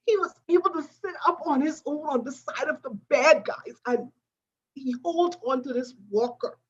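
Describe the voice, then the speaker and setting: A woman's voice: sits high, moderate pace, highs cut off. A woman, a nurse, giving an earnest personal testimony and getting emotional. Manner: earnest, addresses listeners as "guys".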